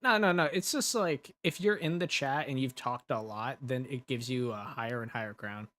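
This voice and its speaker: A man's voice: mid-range voice, normal speed, fairly bright tone. A man hosting a casual livestream who laughs often and rambles in a self-deprecating way while he reads chat messages aloud and answers them. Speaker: ASMR creator hosting a livestream.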